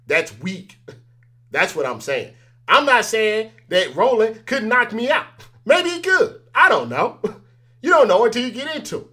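A man's voice: high-pitched, big pitch swings, measured pace, sharp tone. A man as an interview guest, chatting casually and telling stories animatedly, acting out the exchanges he quotes.

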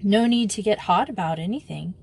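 A woman's voice: medium pitch, fairly quick, gravelly, breathy edge. Sardonic older schoolgirl, as a woman reads her, offhand and cool.

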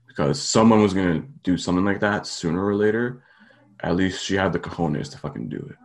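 Low gravelly man, blunt and casual. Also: lively intonation, a little fast. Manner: blunt, swears freely, hedges with "like". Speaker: podcast co-host. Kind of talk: casual chat.

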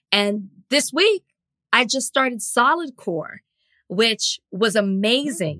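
A woman's voice: medium pitch, a bit bright, no room sound. A woman co-hosting a podcast in casual chat, talkative and full of examples. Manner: talkative, tells stories with examples. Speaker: podcast co-host.

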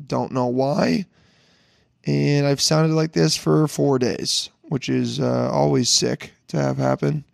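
A young man hosting a casual podcast, hoarse from a lost voice, rambling and joking with plenty of swearing. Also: mid-range voice, steady tone, slow pace, no room sound, studio quality. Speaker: podcast host. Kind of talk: casual solo podcast intro.

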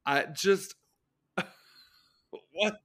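A man co-hosting a casual chat podcast, expressive, exclaiming and laughing often. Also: high-pitched, drawn-out words. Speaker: podcast co-host.

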